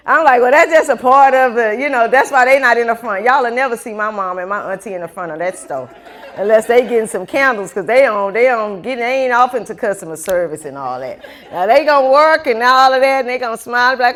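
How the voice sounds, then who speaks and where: A woman's voice: fairly high pitch, brisk. A woman who owns a small business, giving a casual motivational talk to a class and acting out quoted voices as she goes. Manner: animated, acts out quoted voices, laughs often.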